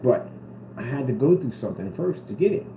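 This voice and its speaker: A man's voice: mid-range voice, fairly quick. Man talking earnestly, roomy noisy sound. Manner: earnest and rambling, repeats himself. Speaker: vlogger. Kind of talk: casual talk to camera. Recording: roomy with steady background noise.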